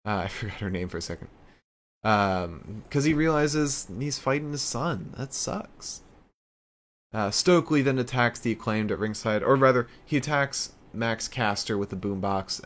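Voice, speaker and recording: A man's voice: on the low side, measured pace. A man giving a casual video recap of a wrestling show, loose and chatty, with plenty of fillers.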